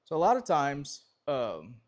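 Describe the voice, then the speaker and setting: Relaxed, rambling man teaching dog obedience. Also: a little high, a little slow. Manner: relaxed, rambling explanations with restarts and fillers. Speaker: dog trainer. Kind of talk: casual training demonstration.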